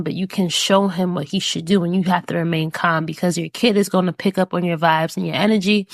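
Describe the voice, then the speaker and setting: A woman with a lowish voice hosts a podcast, reflecting earnestly and encouragingly on life lessons with casual fillers. There's no echo on the recording.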